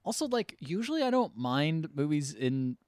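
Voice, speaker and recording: A man's voice: fairly high pitch, big pitch swings, normal speed, darkish tone, clear, resonant tone, no echo, studio quality. A man co-hosting a podcast, chatting casually about a movie, rambling and joking, and admitting he slurs his words. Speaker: podcast co-host.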